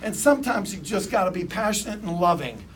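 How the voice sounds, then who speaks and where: A man's voice: high voice, animated, fast, far from the mic, slight background noise. A man coaching a room of car salespeople, speaking in punchy lines and getting the crowd to answer back. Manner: punchy, rallies audience into call-and-response. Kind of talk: motivational sales talk. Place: dealership meeting room.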